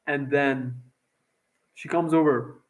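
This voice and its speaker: A man's voice: mid-range voice, steady tone, takes it slowly, poor audio. A young man from Iran telling a long personal story in a casual, profane, rambling way, with lots of fillers. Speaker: vlogger.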